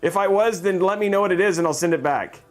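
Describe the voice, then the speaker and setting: A man's voice: high-pitched, fast talker, soft background music. A man hosting a livestream, chatting casually in a rambling, joking way and laughing often. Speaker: livestream host.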